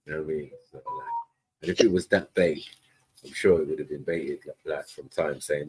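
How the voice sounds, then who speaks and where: A man's voice: rumbling low, steady tone, fairly quick, a little mellow, breathy edge, poor audio. A man, chatting casually on a livestream panel in laid-back slang. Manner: laid-back slangy talk, frequent "you know what I mean".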